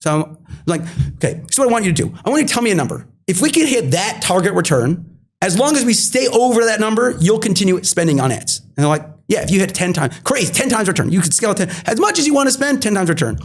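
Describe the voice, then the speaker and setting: Fast-talking, high-voiced man telling a story. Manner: animated, acts out past conversations, repeats phrases for emphasis. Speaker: guest. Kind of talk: animated storytelling in an interview.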